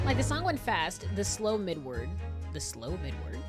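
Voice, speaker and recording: Giggly young woman streamer with a lively voice. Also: on the low side, moderate pace, music in the background. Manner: giggly, swears often. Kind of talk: casual gameplay chat.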